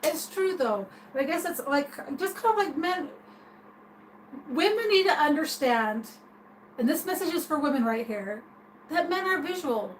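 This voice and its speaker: A woman's voice: sits high, animated, moderate pace, slight background noise, poor audio. A woman streaming a casual opinion rant, rambling and hesitant with many restarts. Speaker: streamer talking to viewers.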